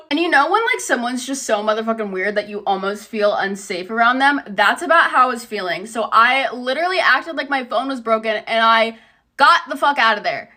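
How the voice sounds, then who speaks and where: Young woman, high voice, casual storytime, blunt, sarcastic, heavy swearing. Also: animated, fairly quick, sharp tone. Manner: blunt and heavily profane, sarcastic.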